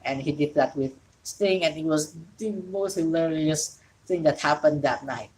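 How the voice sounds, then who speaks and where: A woman's voice: low-pitched, normal speed, a little mellow, slight background noise, rough recording. A woman from Indonesia, an English speaker, hosting a casual solo wrestling talk show from home and rambling with frequent self-corrections. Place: home during rain.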